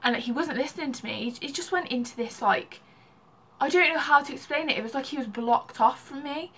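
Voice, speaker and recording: Young woman, casual vlog storyteller, slightly high, bright voice, says "like" a lot. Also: a little fast. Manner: chatty, heavy use of "like". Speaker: vlogger.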